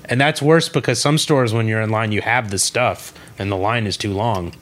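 A man in casual chat, asking quick, curious follow-up questions. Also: fairly low pitch, fairly bright tone.

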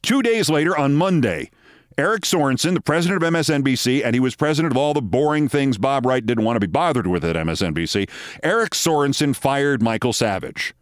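A man's voice: medium pitch, expressive, brisk, dry recording, studio quality. A middle-aged man hosting a news commentary show, delivering a scripted monologue in an emphatic, sardonic way. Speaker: host.

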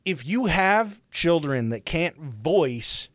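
A young man telling a story in casual chat, profane and animated, full of fillers. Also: fairly high pitch, slow, no room sound, studio quality.

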